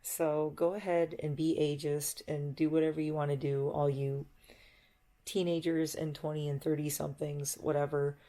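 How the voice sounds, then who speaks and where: Low-voiced woman rambling casually. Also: little pitch movement, moderate pace, mellow. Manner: chatty, reflective, laughs easily. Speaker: vlogger.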